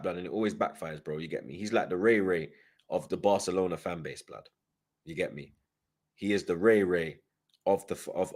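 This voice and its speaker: A young man hosts a fan channel, chatting casually and reading viewer comments, with constant slang and "you get me" tags. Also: low voice. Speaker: football fan channel host.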